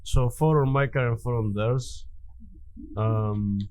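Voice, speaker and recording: A man's voice: medium pitch, slow, a little mellow, dry recording. A man telling a story in casual chat, rambling with many fillers and restarts. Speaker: podcast guest.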